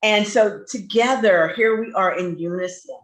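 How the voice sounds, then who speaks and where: A woman hosting a radio talk show, telling a personal story in an animated, candid way. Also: mid-range voice, moderate pace.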